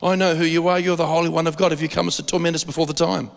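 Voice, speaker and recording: A man voicing panicked male demons in a synagogue, quoted quickly within a sermon and heard with long hall reverb. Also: fairly high pitch, little pitch movement, creaky. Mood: alarmed.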